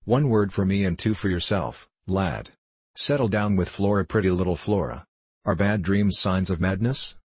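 A man reading the part of an overwrought, haunted ship captain in a storybook, with a husky voice. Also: sits low, moderate pace, darkish tone, dry recording. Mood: sneering.

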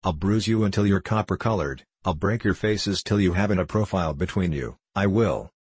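A man's voice: low voice, brisk, a little mellow, husky, dry recording. A man doing a leering, cruel dwarf. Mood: threatening. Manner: wheedling then savagely threatening. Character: leering, cruel, gleeful grown male dwarf.

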